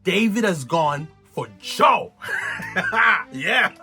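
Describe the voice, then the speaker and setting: A man giving an excited, slangy recap of a TV show, laughing and exclaiming often. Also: high voice, drawn-out words, faint music behind. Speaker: TV recap vlogger.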